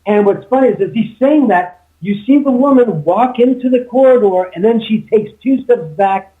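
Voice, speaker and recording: A man telling a spooky story from his home in a casual chat, acting out the people he quotes. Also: sits high. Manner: animated retelling with quoted dialogue. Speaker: homeowner and YouTuber. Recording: tinny phone line.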